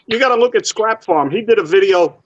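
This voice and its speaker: Casual panelist, a man with a high voice who jokes and rambles. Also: expressive, fairly quick, dull audio. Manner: joking, rambling. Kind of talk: casual chat.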